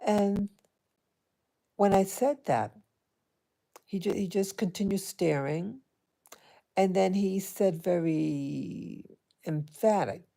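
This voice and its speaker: A woman vlogger telling a personal story to her viewers in a hesitant, halting way, with many restarts. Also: mid-range voice, vocal fry, mellow. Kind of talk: casual personal storytelling to camera.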